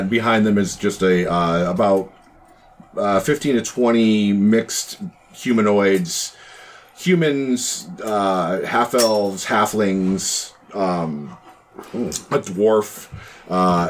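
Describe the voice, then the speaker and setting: A man narrating a tabletop game as game master, rambling with many pauses and restarts. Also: fairly low pitch.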